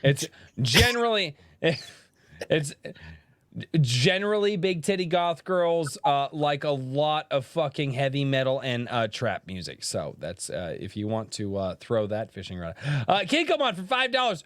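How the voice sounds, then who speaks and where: Man, podcast host, loud, lively pitch, dry sound. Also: measured pace, no echo. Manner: loud, passionate, swearing, animated. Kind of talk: casual podcast chat.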